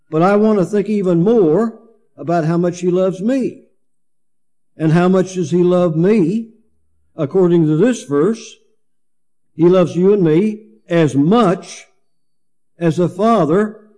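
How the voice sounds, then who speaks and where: A man preaching a sermon, teaching through a Bible passage verse by verse, pausing often with fillers and restarts. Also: high voice, warm tone. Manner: slow, halting, many fillers and restarts.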